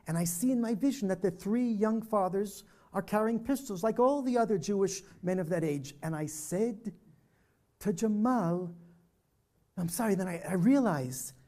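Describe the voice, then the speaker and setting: At a church hall presentation on peace dialogue, an older man gives a personal storytelling talk. His mellow voice sits high and moves at a moderate pace as he vividly acts out the dialogue.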